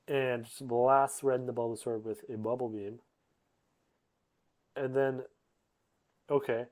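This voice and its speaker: Man, mid-pitched, rambling casual storyteller, loose filler-heavy delivery. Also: level tone, measured pace, long pauses, a little mellow. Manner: rambling, many fillers and restarts, voices characters loosely. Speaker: narrator summarizing a comic.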